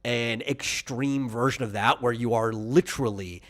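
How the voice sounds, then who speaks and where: A man's voice: mid-range voice, moderate pace, a bit bright. A man co-hosting a podcast who chats casually, explains his take and answers listener comments. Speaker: podcast co-host. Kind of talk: casual chat.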